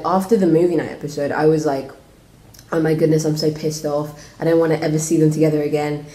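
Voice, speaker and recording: A woman's voice: low voice, dark tone. A woman giving an opinionated, casual vlog review, full of "like" fillers. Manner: opinionated ranting with many "like" fillers. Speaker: reality show reviewer. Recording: roomy echo.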